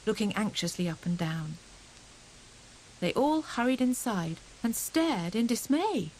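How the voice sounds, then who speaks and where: A woman narrating a children's storybook audiobook in a gentle, expressive storytelling manner. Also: medium pitch, a little hiss or hum, rough recording.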